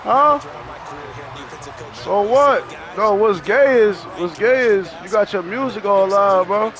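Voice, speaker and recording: A man's voice: sits high, normal speed. A man trash-talking his opponent during a video game, boastful and taunting, repeating his jabs over and over. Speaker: gamer playing online.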